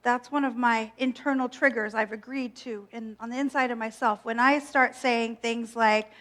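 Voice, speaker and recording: A woman minister preaching a gentle, reflective sermon with playful self-mocking asides. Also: on the high side, steady tone, moderate pace, few pauses.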